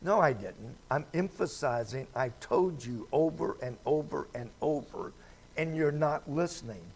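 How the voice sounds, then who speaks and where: A pastor with a somewhat slow, breathy voice on the high side preaches a midweek Bible study in the church sanctuary. He keeps it folksy and chatty, regularly posing questions to the congregation.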